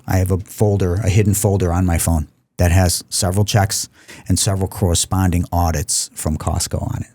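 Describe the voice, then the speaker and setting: A man, a podcast guest, telling a long personal story in an animated, profane way, often repeating words. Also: low-pitched, brisk, no echo. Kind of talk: casual storytelling.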